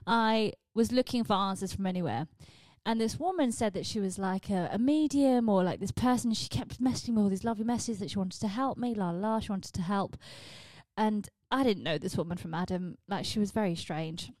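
A British woman hosts a podcast in a loose, comedic monologue. She sounds chatty and jokey and slips in wry deadpan asides. Her voice sits at a middling pitch, recorded close and dry with no room sound. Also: a little fast, no echo. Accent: British English. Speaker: podcast host.

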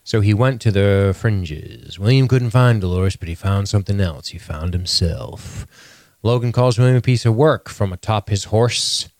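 A man co-hosting a casual podcast, working himself into mock-outraged rants full of swearing and laughter. His voice leaps around in pitch as he gets worked up. The sound is close and dry, with no room behind it. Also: expressive, normal speed, a little mellow, no echo. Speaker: podcast co-host. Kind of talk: casual recap chat.

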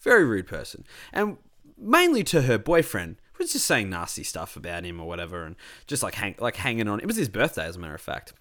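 A man's voice: lowish voice, wildly swooping pitch, quick pace, sharp tone. A young Australian man telling a rambling party story in casual chat, swearing freely.

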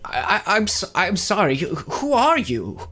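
Man doing a frail old dentist, stammering, voice pitched up. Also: huge pitch swings, sharp tone, breathy edge, exaggerated voice. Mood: nervous. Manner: stammering, halting. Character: frail elderly male dentist, hesitant and polite.

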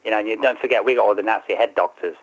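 A man's voice: lowish voice, racing, dry recording, muffled recording. A man with a Nottingham English accent, chatting casually on a radio show and often asking "do you know what I'm saying". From England.

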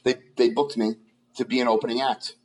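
A man with a husky, slightly breathy voice recounts a club gig in a casual interview. He talks haltingly, with many fillers and restarts, at an ordinary middle pitch. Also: level tone, darkish tone, low-quality recording. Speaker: guest comedian.

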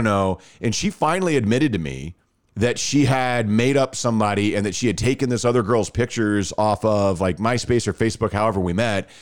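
A man telling a long story in casual chat, animated and full of restarts. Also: on the low side.

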